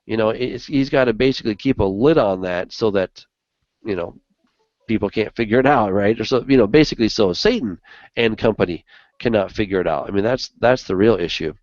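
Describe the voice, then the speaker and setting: A man's voice: lowish voice, brisk, darkish tone, no room sound. A man co-hosting a Bible study show in casual discussion, talking earnestly with lots of "you know" fillers. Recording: dull lo-fi dry recording.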